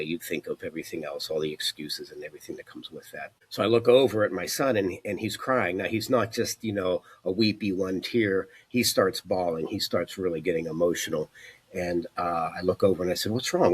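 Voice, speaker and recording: A man in his forties recounts his life in an earnest, reflective tone, often pausing on "you know". His voice sits very low and has a husky, slightly rough edge. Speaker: fitness coach telling his story. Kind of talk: personal testimony.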